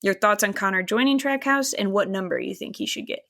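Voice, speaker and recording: Sharp-toned and a little fast, this mid-range female voice belongs to a podcast co-host chatting casually. She curses freely, laughs a lot, and guides where the questions go.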